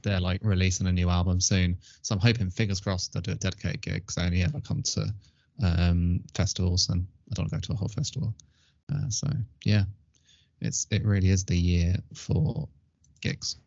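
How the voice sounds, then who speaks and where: Laid-back guy with a really deep voice, dry muffled podcast sound. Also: normal speed, creaky, no room sound. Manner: relaxed, self-deprecating. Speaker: podcast co-host. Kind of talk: casual chat. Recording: dull lo-fi audio.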